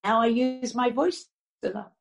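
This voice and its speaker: Older woman, husky and lively. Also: a little high, measured pace. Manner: lively, animated storytelling with acted quotes. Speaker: actress. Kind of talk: interview chat.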